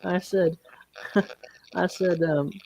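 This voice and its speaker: A man's voice: high voice, fairly even intonation, very slow, vocal fry, a little mellow, poor audio. A man in his forties, a dating and business coach, telling stories casually and repeating words as he acts out dialogue. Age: 40s. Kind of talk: casual storytelling on a live stream.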